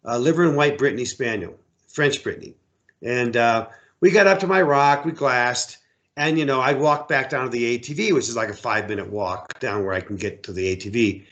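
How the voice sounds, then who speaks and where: During a laid-back interview, a middle-aged American man of medium pitch, an outfitter and hunting guide, tells stories with animation, repeating words as he performs the voices of others.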